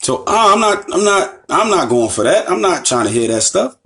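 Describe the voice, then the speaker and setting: A U.S. man lecturing passionately as an Islamic teacher has a voice somewhat high for a man, a bit bright and very animated, at normal speed. He hammers his points with repeated phrases and rhetorical questions aimed at his audience.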